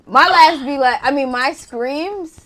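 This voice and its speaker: A woman's voice: sits high, takes it slowly, fairly bright tone. A woman hosting a casual interview, talking candidly with jokes and slang. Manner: candid, joking, uses slang. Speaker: host.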